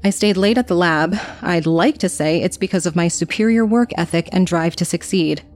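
Woman, young adult, horror story narrator, anxious first-person diary tone, fairly low voice. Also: moderate pace, darkish tone, soft background music.

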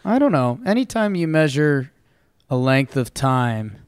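A man's voice: mid-range voice, big pitch swings, a little slow, clear, resonant tone, no room sound. Man making dry offbeat quips. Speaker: podcast co-host. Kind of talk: casual chat.

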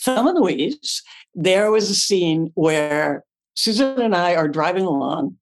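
A woman actress as a podcast guest, telling animated stories, acting out her own past lines and swearing casually. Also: on the low side, measured pace. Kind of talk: animated storytelling.

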